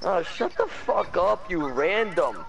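A man's voice: sits high, very animated, slow, gravelly, poor audio. A man trash-talking with insults and profanity, an opposing player in a game's voice chat.

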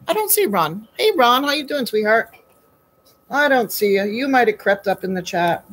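A woman's voice: fairly high pitch, sing-song, normal speed, a bit bright, low-quality recording. A woman hosting a casual live baking stream from her home kitchen, chatty and folksy, greeting viewers by name.

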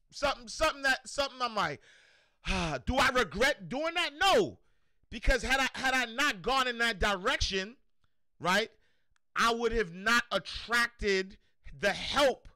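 A man hosting a motivational livestream, animated and slangy, repeating himself and shouting out viewers. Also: sits high, no echo, clean studio sound. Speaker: show host.

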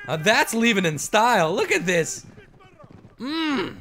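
A man talks over his gameplay in a high, animated voice that leaps up and down. He reacts loudly and curses freely as he commentates. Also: slow pace. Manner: excitable, loud outbursts and cursing. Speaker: gaming commentator. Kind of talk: casual let's-play commentary.

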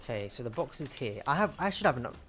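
Chatty young gamer. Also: male voice, mid-range voice, sing-song, fast, background noise. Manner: chatty, self-mocking, talking to the game. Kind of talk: casual gameplay commentary.

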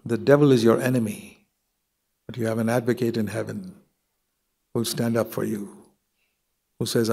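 A man's voice: lowish voice, little pitch movement, moderate pace, vocal fry, pauses often, darkish tone, breathy edge. An older man with an Indian English accent, preaching a sermon in an earnest, conversational way that slips into prayer.

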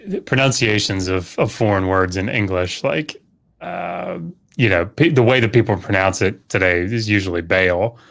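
A man, a scholar being interviewed, explaining things at length in a measured way with frequent fillers. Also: fairly low pitch, lively intonation, creaky, a bit bright. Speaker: scholar guest. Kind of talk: casual expert explanation.

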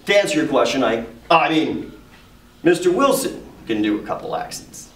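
A man's voice: on the high side, big pitch swings, normal speed, fairly bright tone, slight background noise. A man who is a teacher, joking and bragging in a school interview. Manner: goofy, boastful. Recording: echoey room from far off.

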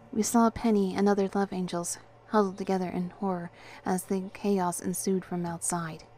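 A woman narrating a story in the first person, in a measured, steady voice. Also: fairly low pitch, slight background noise. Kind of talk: storybook reading.

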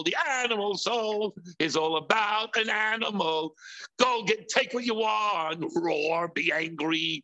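A rabbi teaches through a sermon, speaking a little slowly in a sharp tone. He poses emphatic rhetorical questions and voices impulsive thoughts in a high, whiny pitch.

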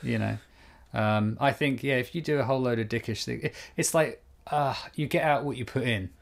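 Male co-host, mid pitch, jokey and opinionated, studio mic. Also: fairly quick, creaky. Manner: joking, opinionated, laughs often. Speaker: podcast co-host. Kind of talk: casual podcast chat. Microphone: studio condenser microphone.

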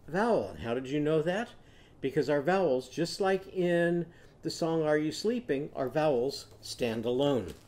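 A man teaching a phonics lesson to young children, patient and clear, leading sing-along sound games. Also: on the high side, dark tone. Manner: sings call-and-response animal sounds.

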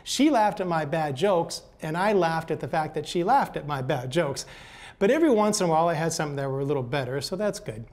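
An older man telling folksy stories in a gentle, unhurried way. He often trips over and repeats words as he goes, in an easy, chatty tone. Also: a little high, animated. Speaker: speaker. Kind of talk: motivational storytelling talk.

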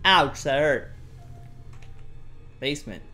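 A man's voice: fairly high pitch, expressive, slow, bright, forceful tone, faint music behind. A young man giving casual horror gameplay commentary, self-mocking and swearing, prone to startled yelps. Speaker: gaming YouTuber.

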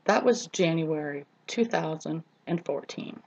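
A woman's voice: low voice, measured pace, gravelly, long pauses, husky, highs cut off. A middle-aged woman telling her own story in an earnest personal vlog, speaking straight to her viewers as friends and repeating words for emphasis. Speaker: vlogger.

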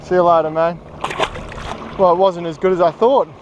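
A man's voice: high voice, steady tone, normal speed, muffled recording, noisy background. A young man with an Australian accent giving chatty, joking commentary while fishing outdoors on the water. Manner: chatty, joking, self-mocking. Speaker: fishing vlogger. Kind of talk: casual running commentary. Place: outdoors on open water on a small raft. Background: music.

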